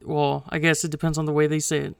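A man's voice: on the high side, monotone, quick pace, creaky, clean tone, dry recording. A young man co-hosting a podcast, talking things through in a hesitant way, restarting often and laughing off tension. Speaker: podcast co-host. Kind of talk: heated casual discussion.

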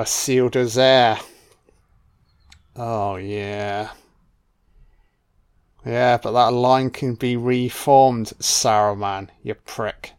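A man riffs casually over a film, laid-back and liberal with his swearing. He talks slowly in a clear, smooth voice of middling pitch. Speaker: film commentator. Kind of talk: casual audio commentary.

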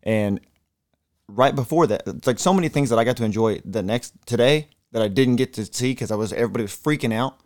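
A man co-hosting a casual sports podcast, telling excited, profane stories. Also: medium pitch, fast talker. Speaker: podcast co-host.

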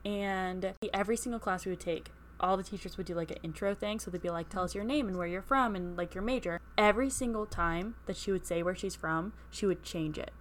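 A woman's voice: mid-range voice, brisk, few pauses, a little hiss or hum. Chatty young woman retelling a story. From Portland area, Oregon. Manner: animated, acts out quoted voices while retelling. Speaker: podcast co-host. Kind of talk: casual chat recapping a book.

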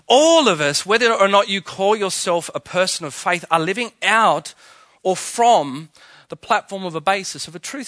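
A man's voice: high voice, pushed and bright, dry recording. A man preaching a sermon, emphatic and full of rhetorical questions. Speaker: pastor.

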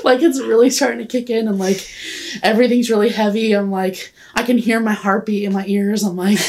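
A woman's voice: mid-range voice, steady tone, brisk, a little mellow. A young woman in her twenties telling a long story in casual chat, rambling and giggly, saying "like" constantly. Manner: rambling, giggly, heavy use of "like". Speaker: podcast guest.

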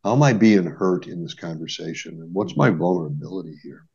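A middle-aged man speaks as a marriage therapist on a podcast, earnest and explanatory, tagging his points with quick checks to the listener. His voice sits on the lower side. The recording is dull and lo-fi. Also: expressive, vocal fry, a little mellow, husky. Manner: earnest, explains with examples, many "right?" tags. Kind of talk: conversational podcast advice.

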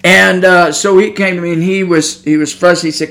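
A man's voice: sits high, steady tone, a little fast, a bit bright. A middle-aged man preaching a sermon, earnest and folksy, who restarts phrases and repeats words as he tells stories. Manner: earnest preaching with homespun storytelling. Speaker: pastor.

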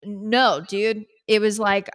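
A woman's voice: mid-range voice, flat delivery, slow, a bit bright, smooth. A young woman co-hosting a podcast, chatting casually and candidly, swearing freely and peppering her talk with "like". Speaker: podcast co-host. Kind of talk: casual recap chat.

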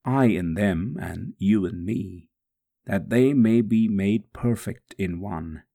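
A man voicing a gravelly, solemn suffering savior. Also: on the low side, warm tone, heavily acted. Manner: solemn, prayerful, slow and measured. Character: suffering man praying through a scourging, tender and steadfast. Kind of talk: first-person devotional dramatic reading.

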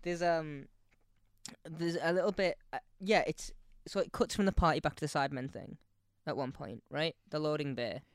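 A man, co-hosting a casual podcast chat, animated and quick to laugh. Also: on the high side, clear, resonant tone, dry recording, clean studio sound. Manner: chatty, animated, laughs a lot. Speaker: podcast co-host.

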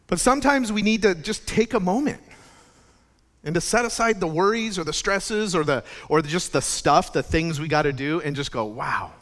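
Chatty male pastor with a bright voice. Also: sits high, moderate pace. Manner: conversational, chatty preaching with restarts. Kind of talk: sermon.

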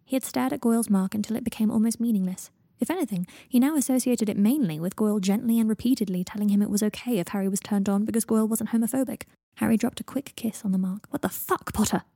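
A woman narrating a fan fiction audiobook in a hushed, intimate way, often near a whisper. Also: mid-range voice, fast talker, creaky, hardly any pauses, no room sound, studio quality.

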